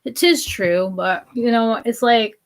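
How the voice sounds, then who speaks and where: A woman's voice: on the high side, unhurried. A young American woman chatting on a livestream, sounding tired and drowsy. She rambles and drifts from one tangent to the next. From United States. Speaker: streamer co-host. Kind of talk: casual livestream chat.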